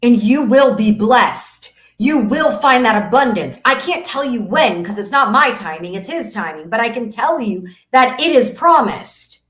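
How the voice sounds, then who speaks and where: A woman's voice: on the high side, expressive, measured pace, few pauses. A woman business coach hosting a masterclass, talking in an emphatic, preachy motivational way and repeating her phrases for effect. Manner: faith-driven motivational tone. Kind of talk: motivational webinar talk. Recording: roomy echo.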